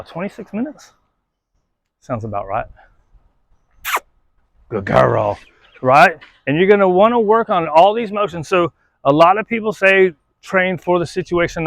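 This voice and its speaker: A man talks through dog training in a loose, conversational way, his voice sitting a little high. He keeps checking in with listeners. The sound is dry and close. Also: no echo, poor audio. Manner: relaxed, conversational, often checks in with "right?". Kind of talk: casual instructional talk.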